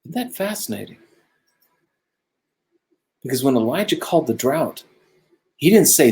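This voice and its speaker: A man co-hosting a casual Bible study talk, earnest and musing, growing animated when he makes a point. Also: mid-range voice, moderate pace, pauses often. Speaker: co-host of a religious discussion show. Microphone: own camera close by, video stream.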